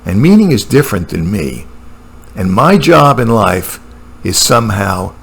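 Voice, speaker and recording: A man's voice: on the low side, big pitch swings, unhurried, a little hiss or hum. A man talking alone in a room at home, musing about philosophy in a casual monologue, with many fillers and restarts. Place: room at home with a computer and a painting.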